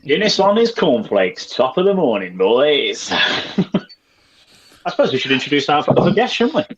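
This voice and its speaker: British male co-host, teasing and upbeat, husky tone, lo-fi mic. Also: on the high side, big pitch swings, a little slow. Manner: playful, teasing introductions. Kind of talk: casual podcast chat. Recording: dull lo-fi sound.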